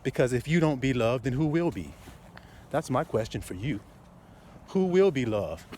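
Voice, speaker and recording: A man preaching loosely and profanely outdoors, swinging from muttering to loud outbursts. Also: medium pitch, animated, moderate pace, slight background noise. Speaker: street preacher.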